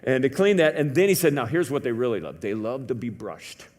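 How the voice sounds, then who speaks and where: Animated storytelling male pastor. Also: mid-range voice, fairly quick. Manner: animated, swings from hushed to loud; conversational with many fillers. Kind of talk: storytelling sermon. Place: church.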